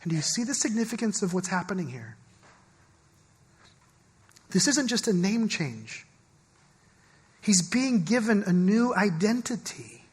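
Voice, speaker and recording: A man's voice: sits high, big pitch swings, a little slow, pauses often, husky. Guy preaching in church, chatty, keeps asking "right?", echoey hall sound. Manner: conversational, repeats words and asks the congregation questions. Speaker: pastor. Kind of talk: sermon. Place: church sanctuary.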